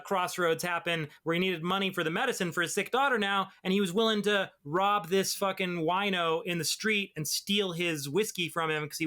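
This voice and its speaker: A man's voice: high-pitched, pushed and bright, clean tone. A man co-hosting a podcast, breaking down a comic's story in articulate casual chat, swearing freely. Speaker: podcast co-host.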